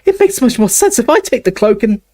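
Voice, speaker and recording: A man voicing a bossy, clever teenage schoolgirl witch in an audiobook reading, pitched high and insistent. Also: big pitch swings, a little fast, mellow.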